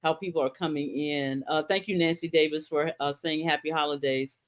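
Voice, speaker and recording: A woman hosting a live talk show, expressive as she reads out viewer greetings. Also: deep voice, brisk.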